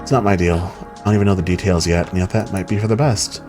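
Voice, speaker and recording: A man's voice: low-pitched, fairly even intonation, fast talker, over music, close to an everyday voice. A man voicing a loyal, fed-up young woman cab driver as he reads game dialogue aloud.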